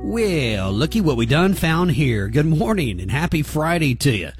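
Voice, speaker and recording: A man's voice: on the high side, sing-song, normal speed, over music. A man hosting a morning radio show in a folksy, chatty way, from a studio microphone. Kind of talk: casual radio chat.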